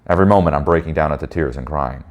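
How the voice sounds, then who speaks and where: Leading a men's group in a casual motivational talk, a man speaks bluntly and emphatically, swearing freely and checking in with listeners through frequent "right?" tags. His voice is extremely low and very fast.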